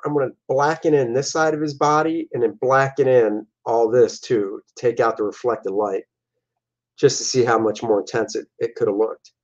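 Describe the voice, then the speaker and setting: Animated man talking through his comic art. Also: mid-range voice, lo-fi sound. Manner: animated, jumping into voices for his characters. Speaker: comic artist and show host. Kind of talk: casual commentary on his own artwork.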